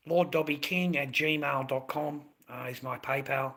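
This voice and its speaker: A man's voice: mid-range voice, a little slow, few pauses, fairly bright tone. An older Australian man talking casually on a livestream, blunt and repetitive, swearing often as he vents.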